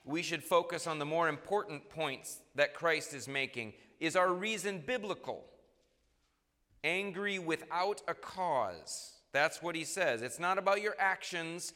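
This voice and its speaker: A man preaching a sermon in an earnest way, now and then acting out quoted voices with sudden loud jumps. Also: fairly high pitch. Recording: long reverb in a large hall.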